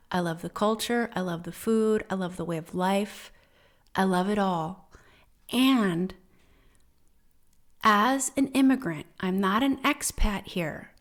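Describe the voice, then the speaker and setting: A woman hosting a spiritual podcast in a casual, earnest way. Her voice sits at a middle pitch, and her storytelling turns animated and heartfelt. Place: home in the Netherlands.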